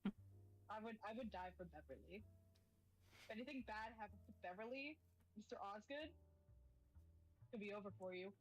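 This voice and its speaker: A woman's voice: mid-range voice, lively intonation, moderate pace, pauses often, poor audio. A young woman playing in a tabletop game, enthusiastic and playful in casual chat. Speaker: player.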